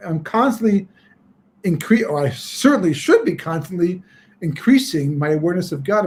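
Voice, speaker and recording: A man's voice: fairly high pitch, a little mellow. A man, a rabbi, teaching a webinar lesson as a conversational story, speaking over a computer microphone. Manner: conversational, many fillers and restarts.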